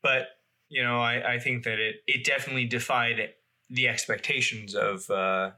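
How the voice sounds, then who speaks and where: A man's voice: medium pitch, fairly even intonation, moderate pace, sharp tone. A man from the Boston area co-hosting a podcast, reading facts aloud in casual chat and laughing often. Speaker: podcast co-host.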